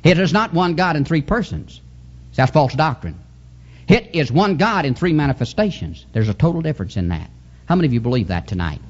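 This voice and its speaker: Fervent, lively-pitched male revival preacher. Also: fairly quick, dull audio. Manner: fervent, sing-song preaching with sudden pitch jumps and chuckles. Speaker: Pentecostal preacher. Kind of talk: revival sermon.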